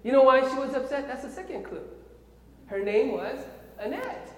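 A man's voice: very high-pitched, moderate pace, slight background noise. Korean-accented guy telling a story in a sermon, keeps going "okay? right?", big echoey hall. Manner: animated storyteller, often checks in with "okay?" and "right?". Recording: echoey hall with long reverb.

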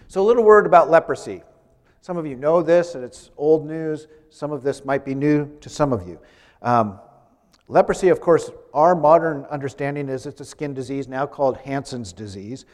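A man preaches a sermon to his congregation in a church sanctuary, speaking conversationally and sprinkling in light humorous asides. His voice is on the high side, animated and moderately paced, with a long church reverb on the recording.

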